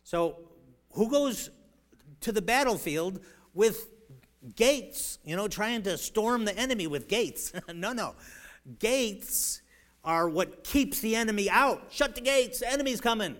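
A man preaching a sermon in a rambling way, with many fillers and restarts, swinging from loud emphatic bursts to quiet storytelling. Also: sits high, animated, a little slow. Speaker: pastor.

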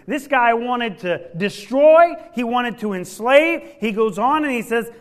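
High-voiced preacher swinging loud to hushed. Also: male voice, expressive, a little slow. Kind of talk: sermon.

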